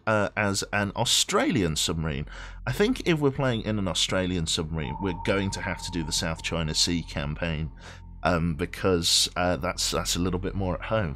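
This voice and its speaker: Deep-voiced man streaming a game, lively. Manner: rambling, chatty, reads game text aloud, swears offhand. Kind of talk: casual live game commentary.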